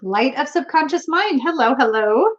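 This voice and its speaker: A woman's voice: high voice, lively intonation, moderate pace, lo-fi sound. A woman hosting a casual tarot live stream, chatty and giggly, reading out viewer comments, with a runny nose. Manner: giggly, chatty, laughs often. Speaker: tarot livestream host.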